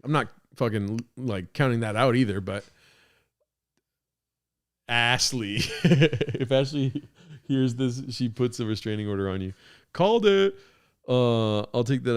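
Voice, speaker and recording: A man hosting a podcast, reacting to a clip with crude, excitable, rambling commentary. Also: mid-range voice, clean tone. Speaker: podcast host.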